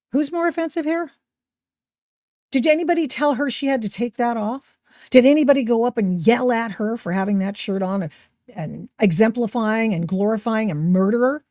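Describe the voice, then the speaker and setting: Animated sarcastic woman podcast host. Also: on the high side, no room sound, studio quality. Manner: sarcastic, animated, mocking voices she quotes. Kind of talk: opinionated commentary over video clips.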